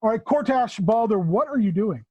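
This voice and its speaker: Husky-voiced man as game master. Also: high-pitched, animated, normal speed, mellow, no echo, lo-fi sound. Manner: casual, narrates and voices non-player characters. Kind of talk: narrating a tabletop game.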